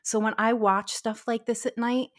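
A woman's voice: fairly high pitch, fairly even intonation, moderate pace. A woman who is a guest on a podcast, talking in a candid, rambling way with many restarts. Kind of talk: casual chat.

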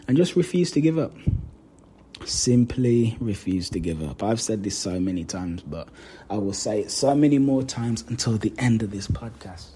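Warm and husky, this lowish male voice belongs to a motivational podcast host who addresses the listener directly and leans on repetition to stress his words.

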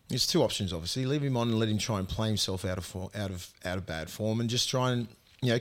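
Blunt Australian man talking footy. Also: medium pitch. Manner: relaxed, swearing, blunt opinions. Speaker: podcast co-host. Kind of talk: casual chat and sports talk.

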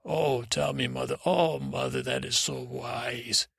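A dreamy, easily confused young prince, played by a man drifts through a rambling sleep-story monologue. His voice is deeply gravelly and sits in a middle pitch. He halts and restarts constantly, and the sound is close and dry. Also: steady tone, fairly bright tone, dry recording, full character voice. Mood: wistful. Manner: halting and rambling, full of restarts and retold dialogue. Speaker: podcast host.

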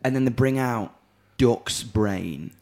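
A man's voice: medium pitch, takes it slowly. Dry, sweary Northern English man. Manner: dry, sweary, animated anecdote-telling with acted quotes. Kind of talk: casual storytelling chat.

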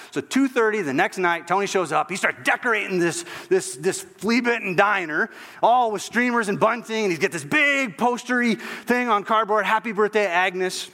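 A man preaching a sermon, telling a story and acting out its voices, dropping to a hush at the end. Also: sits high, expressive, moderate pace, big-room sound.

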